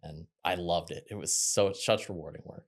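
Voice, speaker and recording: A young man, telling stories from his working life as a podcast guest in a quick, chatty way. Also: low-pitched. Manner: quick, chatty, animated when quoting others. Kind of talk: casual interview storytelling.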